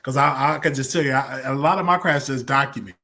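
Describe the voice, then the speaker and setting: A man's voice: mid-range voice, a little fast, bright, forceful tone. A man hosting a livestream, talking candidly and animatedly about his own past, often repeating himself for emphasis. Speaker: show host. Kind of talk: casual livestream commentary.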